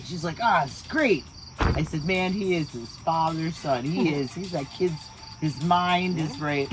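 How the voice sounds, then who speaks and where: A woman in her sixties in casual chat, telling family stories and acting out the people she quotes. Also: low voice. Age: 60s. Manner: animated storyteller, acts out quoted voices. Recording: noisy outdoor recording.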